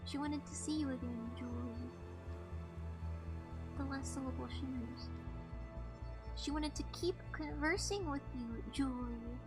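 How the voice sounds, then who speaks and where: A woman's voice: sits high, a little slow, pauses often, loud music behind the voice. A woman reading aloud the lines of a male taxi passenger who taunts the driver with needling, teasing questions.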